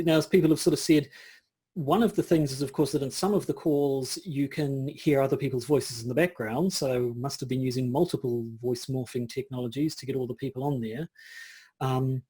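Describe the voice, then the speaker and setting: A man's voice: on the high side, normal speed, warm tone, husky. A man co-hosting a podcast, talking in a casual, rambling way as he thinks aloud. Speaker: podcast co-host. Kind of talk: casual chat.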